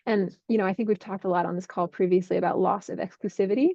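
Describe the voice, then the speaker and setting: A woman working as a healthcare investment analyst, clearly and methodically explaining drug industry developments. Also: mid-range voice, steady tone, fast, mellow, no room sound, muffled recording.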